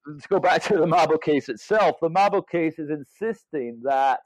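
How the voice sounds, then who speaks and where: A man's voice: on the high side, expressive, moderate pace, dry recording. A man in his fifties or older, an author speaking as a guest, talking thoughtfully with many hesitations and restarts. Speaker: author and legal scholar guest. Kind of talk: reflective interview conversation. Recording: dull, dry lo-fi sound.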